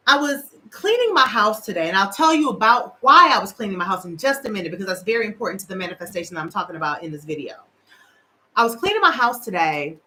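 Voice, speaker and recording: A woman's voice: on the high side, sharp tone, a little hiss or hum, poor audio. A middle-aged woman hosting a casual livestream, candid and emotional, talking straight to her viewers. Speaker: show host. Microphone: livestream camera.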